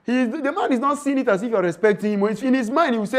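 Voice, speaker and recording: A man with a high-pitched voice lectures on relationships in a training session. He speaks emphatically and preachily, and he acts out the lines of husbands and wives as he goes. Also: animated, rapid-fire, hardly any pauses. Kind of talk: training talk to women.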